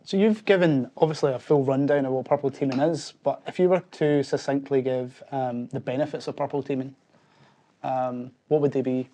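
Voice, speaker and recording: A woman hosting an interview who asks measured questions. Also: extremely low pitch, steady tone, mellow. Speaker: interview host.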